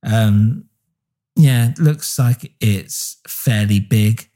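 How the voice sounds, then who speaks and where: A man with a deep voice co-hosts a podcast in a relaxed, enthusiastic way. His tone is dark and mellow, and he fills his pauses with ums. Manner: relaxed, filler-heavy, enthusiastic. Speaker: podcast co-host. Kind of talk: casual chat.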